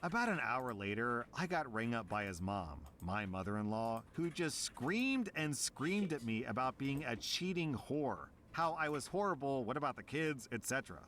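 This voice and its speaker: A man streamer reading a story aloud and reacting, amused and animated. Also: mid-range voice, normal speed, hardly any pauses, a little hiss or hum. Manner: amused, breaks into laughter.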